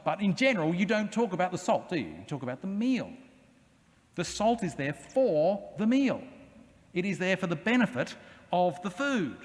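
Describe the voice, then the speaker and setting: Animated priest in a reverberant cathedral. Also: male voice, on the high side. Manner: humorous, animated, with acted-out questions. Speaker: Anglican priest. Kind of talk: sermon.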